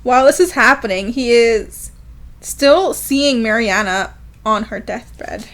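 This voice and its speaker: A woman's voice: on the high side, takes it slowly. A woman co-hosting a podcast, recapping a novel in casual chat and laughing often as she retells each scene. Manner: animated retelling, reading quotes aloud with laughter. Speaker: podcast co-host.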